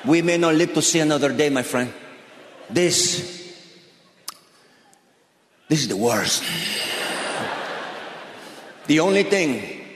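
A man putting on the voice of a trapped male miner, talking in a slow, mock-serious, gloomy drawl on a roomy stage. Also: fairly high pitch, lively intonation, slight background noise. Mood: mock gloom. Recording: roomy stage with crowd ambience.

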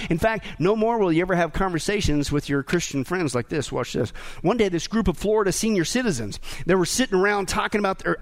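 A man preaching a sermon as pastor, animated and humorous, tossing questions out to the congregation. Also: high-pitched. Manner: call-and-response questions to the congregation.

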